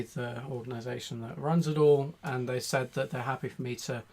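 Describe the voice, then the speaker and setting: A man chatting casually over drinks as a guest, jokey and quick to laugh. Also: mid-range voice. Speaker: mead maker, guest.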